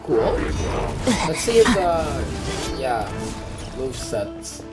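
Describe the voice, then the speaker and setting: Excitable, cursing gamer with a lively voice. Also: mid-range voice, extremely slow. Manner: excitable, swears freely, reacts loudly to the game. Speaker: gamer playing through a game. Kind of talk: casual gameplay commentary. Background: game music.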